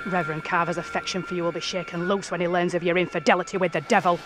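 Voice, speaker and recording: A man plays a harsh puritan villager in a video game, scolding and accusing in old-fashioned phrases. His high voice stays flat and even. Loud music plays behind him. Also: very fast, lightly acted.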